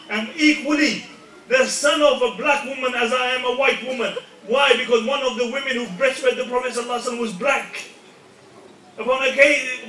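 Impassioned high-voiced preacher in an echoey hall. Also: male voice, recorded from a distance. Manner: impassioned, rising to shouts. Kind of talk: sermon.

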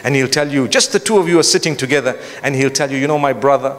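A man's voice: mid-range voice, fast, a bit bright, in a large hall. A man preaching a lecture to a live audience, emphatic, with rhetorical questions and repetition. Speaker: Islamic preacher. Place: large hall before an audience.

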